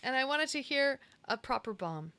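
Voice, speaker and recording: A woman co-hosting a casual comic-book podcast, giggly and quick to banter. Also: sits high, animated, bright, forceful tone, no room sound. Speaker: podcast co-host.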